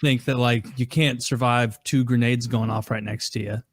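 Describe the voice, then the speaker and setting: A man's voice: medium pitch, fairly even intonation, normal speed, no echo. A man chatting on a podcast, skeptical and asking questions. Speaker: podcast co-host. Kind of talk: casual podcast chat.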